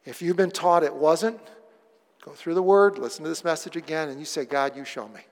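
A man preaching a sermon as pastor, moving from hushed pleading to loud, excited storytelling. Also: on the high side, fairly quick. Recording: long hall reverb.

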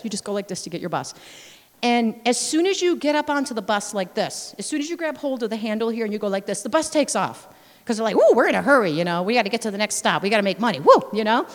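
A woman missionary giving a sermon full of personal stories, acting out scenes and exclaiming praise. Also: fairly high pitch. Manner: lively storyteller, acts out scenes, exclaims praise. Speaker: missionary speaker. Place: church sanctuary. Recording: long reverb of a large church hall.

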